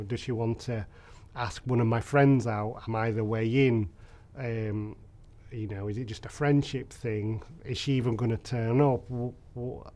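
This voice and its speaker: A man, telling his own story candidly and reflectively in an interview, with frequent soft fillers. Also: mid-range voice. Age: 30s.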